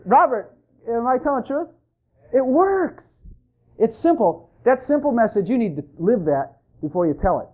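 An emphatic preacher drives a church sermon along, repeating lines and calling out to the listeners. The voice rises and falls with a lively, swinging pitch. It comes through a narrow, tinny recording that sounds like a phone line. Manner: fervent, emphatic, repeats phrases and calls out to the congregation.

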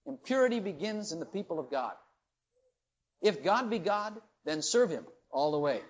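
A man preaching a sermon, shifting from low, quiet asides to loud, rising questions to the congregation. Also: sing-song, moderate pace, breathy edge.

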